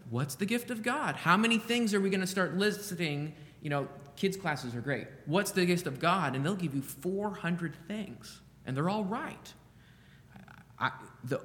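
Musing preacher man, rather high voice. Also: a bit bright, big-room sound. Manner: musing, thinks aloud with asides and rhetorical questions. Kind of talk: conversational Bible teaching.

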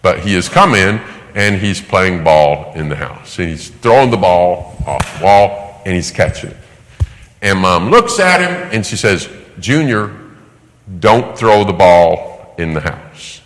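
Low male preacher, lively storytelling delivery, acts out quoted voices, hall reverb. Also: a little slow. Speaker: preacher teaching on child discipline. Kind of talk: sermon-style teaching talk.

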